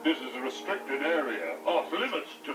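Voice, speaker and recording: A polite alien navigator. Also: male voice, fairly high pitch, big pitch swings, moderate pace. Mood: formal. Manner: polite, formal. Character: formal male alien navigator. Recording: echoey film clip with music, from far off.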